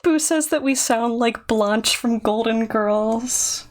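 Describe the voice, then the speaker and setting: A woman's voice: on the high side, slow. A woman streamer in casual chat, laughing often as she talks. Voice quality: laughs often between phrases.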